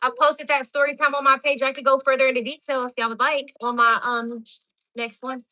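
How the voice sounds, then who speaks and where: Young mom, blunt and chatty with her viewers; high voice, close and dry sound. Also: flat delivery, a little fast, bright, forceful tone, dry recording. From Louisville, Kentucky. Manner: blunt, talkative, speaks straight to viewers. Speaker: content creator and mother. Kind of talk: casual live chat with viewers.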